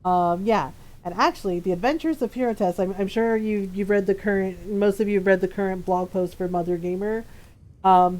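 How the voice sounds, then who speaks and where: A woman's voice: fairly low pitch, a little mellow. A woman streaming a video game, chatting casually and rambling with frequent giggles. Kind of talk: casual gameplay chat.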